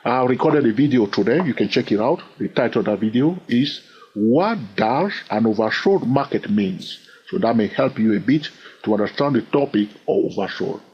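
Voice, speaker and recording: A man explaining trading in an instructional talk, his pitch lively and rising and falling. He keeps dropping in "okay" and "all right" and repeats himself as he works through a point. Faint noise sits under his voice. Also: lo-fi sound. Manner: animated, often fills pauses with "okay" and "all right"; repeats phrases while thinking aloud. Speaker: trading educator.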